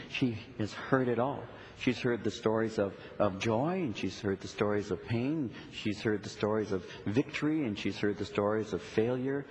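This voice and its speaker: A middle-aged male pastor preaching a sermon, telling stories animatedly and acting out little dialogues. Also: mid-range voice. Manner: animated storytelling, acts out dialogue. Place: church sanctuary. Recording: long hall reverb, faint noise.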